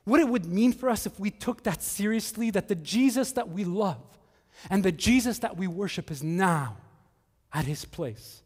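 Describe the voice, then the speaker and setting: A male pastor preaching a sermon, earnest, moving between hushed and emphatic. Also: high voice, lively intonation, normal speed, breathy edge, in a large hall.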